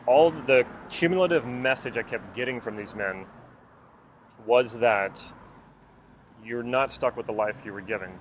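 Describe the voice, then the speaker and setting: A man with a low-set voice speaks earnestly and reflectively, putting question after question to the viewer as a personal development coach. Traffic hums clearly behind him, since he is recording outdoors near a road. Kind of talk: reflective talk to camera.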